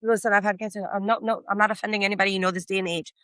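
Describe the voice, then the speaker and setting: A woman's voice: medium pitch, racing, dry recording. A woman co-hosting a book podcast, chatting casually and telling stories with lots of swearing and big swings in energy. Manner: animated, swearing, storytelling. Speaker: podcast co-host. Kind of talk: casual chat.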